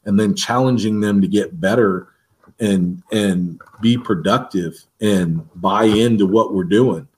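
A man who coaches a defensive line, telling practice stories in an interview and acting out the lines he shouts at players. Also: on the low side, measured pace. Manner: animated, acts out shouted quotes from practice. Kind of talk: interview storytelling.

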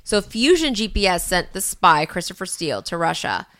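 Brief: young woman co-host, bright and clear, profane and sarcastic, a bit tipsy. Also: fairly low pitch, sing-song. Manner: profane, sarcastic, rapid rants. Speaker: podcast co-host. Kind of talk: casual chat.

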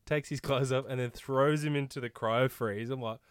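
A man's voice: mid-range voice, fairly even intonation, moderate pace, clear, resonant tone, no room sound, studio quality. A man co-hosting a casual podcast. He is crude and laughs often as he retells a scene. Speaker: podcast co-host. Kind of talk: casual banter.

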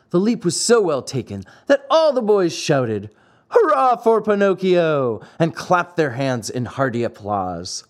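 A man narrating a classic fairy-tale audiobook with an expressive storytelling delivery. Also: fairly high pitch.

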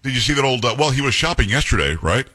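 A quick-talking male talk radio host whose pitch leaps around as he jokes and teases. His voice is bright and a little husky, and he banters casually in a broadcast studio. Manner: animated, teasing, mimics voices.

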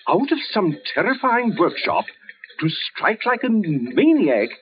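An actor playing an excitable newspaperman reading reports aloud in a 1940s radio drama. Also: high-pitched, a little slow, full character voice. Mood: dramatic. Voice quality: dramatic, swooping. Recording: dull old radio broadcast.

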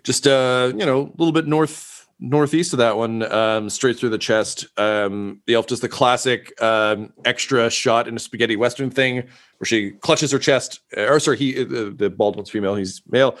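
A man running a tabletop game as game master, relaxed and full of ums and uhs. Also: mid-range voice, normal speed.

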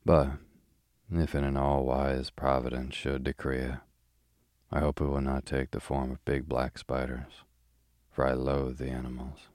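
A man's voice: extremely low pitch, monotone, measured pace, darkish tone, no echo, studio quality. A man voicing a chatty, pious older spinster housekeeper in a sleepy bedtime audiobook reading. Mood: gossipy. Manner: chatty, prim, old-fashioned.

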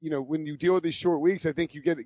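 A man co-hosting a sports podcast, lively as he rattles off betting numbers. His voice is a touch high, and the sound is dry and a little dull. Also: fast, a little hiss or hum. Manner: lively, laughs at his own jokes, rattles off stats. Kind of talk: casual sports podcast banter.

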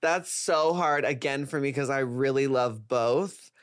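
A drag performer from Texas chatting as a podcast guest in a bubbly, playful way. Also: male voice, mid-range voice, no echo, clean studio sound. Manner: bubbly, playful, quick reactions. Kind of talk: casual chat.

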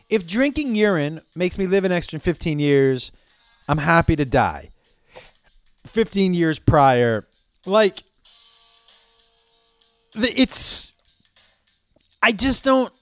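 A man riffing on his podcast in a loose, profane, rambling monologue. His voice sits fairly high and jumps around a lot. The sound is smooth, close and dry, with faint music underneath. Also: no room sound. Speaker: podcast host. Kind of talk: casual comedic monologue.

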